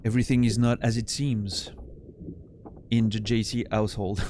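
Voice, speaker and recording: A man's voice: fairly low pitch, level tone, moderate pace, background noise. A tired, yawning man streaming a game, rambling and teasing his viewers in casual chat. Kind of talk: casual chat while playing.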